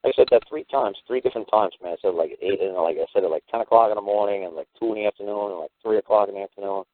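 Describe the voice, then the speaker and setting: American talk radio host, low and fast, blunt and profane, dry tinny phone audio. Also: male voice, no echo. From United States. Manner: blunt, profane, rambling storytelling. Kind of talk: casual talk radio monologue.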